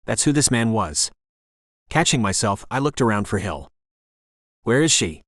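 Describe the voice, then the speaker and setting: Low-voiced male audiobook narrator. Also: big pitch swings, normal speed, a bit bright, no echo, clean studio sound. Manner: intense, dramatic storytelling. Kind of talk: first-person audiobook narration.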